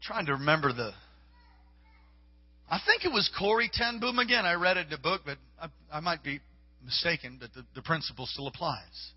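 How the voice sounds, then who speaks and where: A man's voice: fairly high pitch, animated, a little fast, breathy edge. A man preaching a live sermon into a stage microphone, emphatic and repetitive. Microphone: stage microphone with monitor. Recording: echoey hall, dull lo-fi sound.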